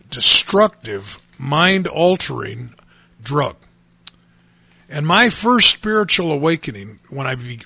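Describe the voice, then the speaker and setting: Gravelly, earnest pastor in his fifties. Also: fairly high pitch, sharp tone, no echo. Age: 50s. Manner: earnest, emphatic, repeats phrases for stress. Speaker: pastor and radio host. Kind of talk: radio sermon testimony.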